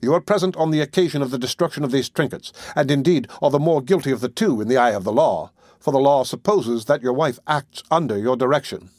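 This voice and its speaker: Male reader as a firm measured old gentleman, dry close sound. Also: medium pitch, dry recording, voice pushed up, lightly acted. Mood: stern. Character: stern kindly old gentleman.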